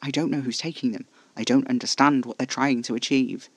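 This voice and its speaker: A man's voice: mid-range voice, steady tone, brisk, no room sound, close to an everyday voice. A man voicing a brooding, fiercely protective male vampire in an audio horror story, with clipped, intense speech. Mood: agitated.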